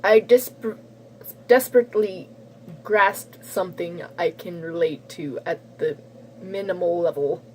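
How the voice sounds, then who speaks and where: A woman voicing a shy bookish teenage girl in a halting, wavering British-ish accent while reading a visual novel aloud. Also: on the low side, a little hiss or hum, voice pushed down, close to an everyday voice, rough recording. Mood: timid.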